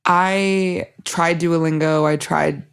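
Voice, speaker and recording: Chatty woman, lowish voice. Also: fairly even intonation, slow pace, gravelly, smooth. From United States. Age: young adult. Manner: chatty, self-deprecating, trails off and restarts. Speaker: podcast guest. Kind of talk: casual chat.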